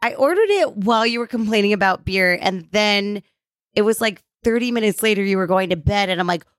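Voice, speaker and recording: A woman guesting on a podcast, chatting casually and retelling a story with lively self-mockery. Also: medium pitch, fairly quick, dry recording, studio quality. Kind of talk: casual chat.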